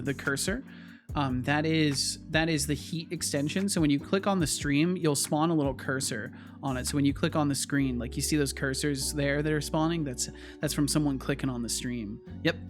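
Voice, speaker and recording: A man's voice: on the high side, normal speed, soft background music. Rambling, repetitive American streamer man. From United States. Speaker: streamer and game developer. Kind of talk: casual live-stream chat.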